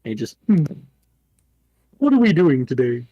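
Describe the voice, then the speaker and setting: A man voicing a gentle, fussy old panda chef who talks sweetly. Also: a little high, big pitch swings, moderate pace, husky, no echo, dull audio. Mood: cheerful.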